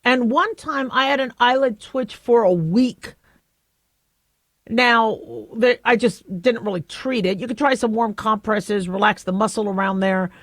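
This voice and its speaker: A woman's voice: fairly high pitch, unhurried, fairly bright tone, no echo. A middle-aged woman who is a physician and radio host, talking in a chatty, self-deprecating monologue with frequent restarts. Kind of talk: casual talk radio monologue.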